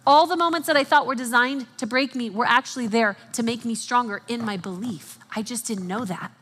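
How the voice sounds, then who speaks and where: A woman leads a live workshop from the stage, her fairly high voice carrying through a reverberant hall. She coaches with energy and voices the questions people ask themselves as she works through them. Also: a little fast. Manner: animated, coaching, acts out inner questions. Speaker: speaker and workshop facilitator. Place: event hall with audience.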